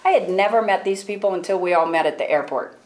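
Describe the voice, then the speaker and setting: Woman telling her church story to a crowd, lively, laughs a lot, acts out what people said. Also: on the low side, quick pace, low-quality recording. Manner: animated storytelling, acts out her own prayers and other people's words; laughs often while telling. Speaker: women's ministry leader. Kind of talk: personal testimony to an audience.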